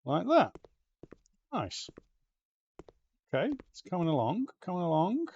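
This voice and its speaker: A man's voice: sits high, huge pitch swings, unhurried, a little mellow, a little hiss or hum. Ulster scots guy doing lets play commentary, bouncy up and down voice, muttery, bit muffled. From Northern Ireland. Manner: chatty, muttering to himself, swears casually. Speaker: game streamer. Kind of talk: casual let's-play commentary.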